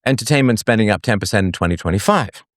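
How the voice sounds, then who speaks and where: Hosting a solo livestream, a man talks fast and animatedly, his pitch jumping widely between phrases. He reads out figures and slips in sarcastic, mocking jokes between them. The audio is dry and close-miked, with no echo or room sound.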